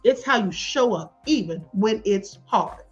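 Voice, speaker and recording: A woman hosting a live stream, reading viewer comments and commenting in a sassy, animated way, calling people beloved and honey. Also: mid-range voice, unhurried, lo-fi sound, soft background music.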